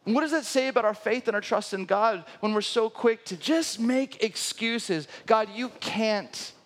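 A man's voice: high-pitched, moderate pace. A man in his thirties preaching a sermon as a pastor, telling a personal story and acting out the quoted dialogue.

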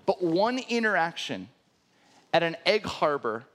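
A man's voice: fairly high pitch, big pitch swings, a little slow, fairly bright tone. A man in his thirties preaching a sermon as a pastor, telling a personal story and acting out the quoted dialogue.

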